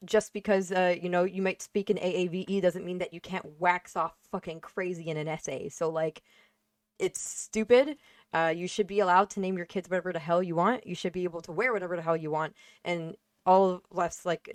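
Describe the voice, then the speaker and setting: Blunt young woman, lowish voice. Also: no room sound, studio quality. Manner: blunt, emphatic, swears freely, many fillers. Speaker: panelist. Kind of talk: casual panel discussion.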